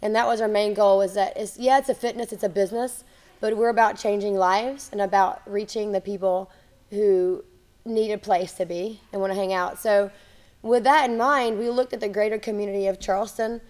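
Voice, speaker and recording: A woman's voice: mid-range voice, fairly even intonation, brisk, a little mellow. A woman, a gym owner and guest on a podcast, talking in an enthusiastic, chatty way. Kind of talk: casual podcast interview.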